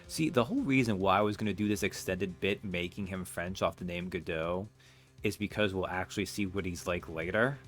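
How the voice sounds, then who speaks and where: A man commenting on a video game with wry, self-mocking asides. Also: sits low. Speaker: let's play streamer.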